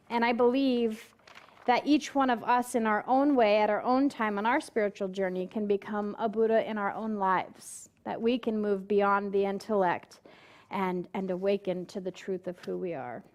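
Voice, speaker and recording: Woman minister telling a story in a sermon. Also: mid-range voice. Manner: storytelling, acts out quoted voices; questions the congregation directly.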